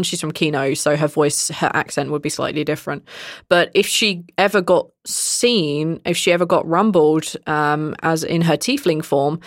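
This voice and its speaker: A woman, a dungeon master, chatting casually on a podcast, animated and laughing often. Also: low voice, no echo, studio quality.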